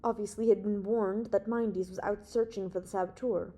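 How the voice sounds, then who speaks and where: A commanding young space hero, read by a woman in a warm, mellow tone. He builds his argument step by step, persuasive and sure of himself, as in a storybook reading. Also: mid-range voice, steady tone, a little fast, husky, lightly acted. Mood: confident, reasoning. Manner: reasoned, persuasive, authoritative.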